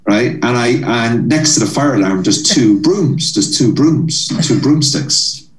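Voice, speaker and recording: An Irish man, a comedian appearing as a guest, tells a long anecdote with plenty of energy, acting out the characters' voices and laughing along the way. His voice sits at a medium pitch and moves at an unhurried pace. The mic is distant, so the sound is roomy with background noise.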